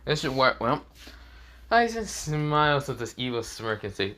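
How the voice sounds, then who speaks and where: Man, casual fan story narrator, rambling, filler-heavy, mid pitch. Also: very animated, unhurried, bright, forceful tone. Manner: rambling, many fillers and repeated phrases.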